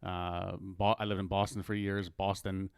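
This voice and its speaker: A man's voice: low voice, level tone, moderate pace, clear, resonant tone, no echo, studio quality. An American man from New Jersey, a comedian guest chatting casually, rambling and poking fun at himself with many restarts. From New Jersey, USA. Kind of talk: casual podcast chat.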